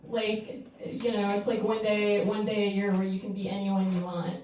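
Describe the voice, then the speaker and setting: A woman's voice: medium pitch, completely flat delivery, moderate pace, darkish tone, a little hiss or hum. A woman doing a stand-up debate, hesitant and giggly, full of fillers. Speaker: comedian debater. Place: comedy club stage. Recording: echoey room, far from mic.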